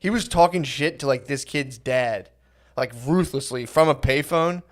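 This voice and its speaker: A man's voice: mid-range voice, moderate pace. A man in his thirties co-hosting a podcast, telling rambling profane stories and laughing often as he goes. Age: 30s. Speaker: podcast co-host. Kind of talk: casual storytelling chat.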